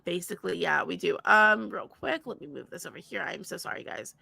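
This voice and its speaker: A woman's voice: lowish voice, brisk, vocal fry, bright, forceful tone, husky, no room sound. A woman co-hosting a casual livestream chat, rambling and chatty, often apologizing and laughing. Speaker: livestream co-host.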